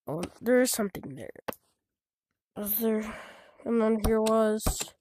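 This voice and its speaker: Heavy noise and loud background music surround this casual walkthrough, in which a woman demonstrates her own game. Her slightly high, animated voice moves slowly, and she often drops into a murmur, abandoning sentences and restarting them as she thinks aloud.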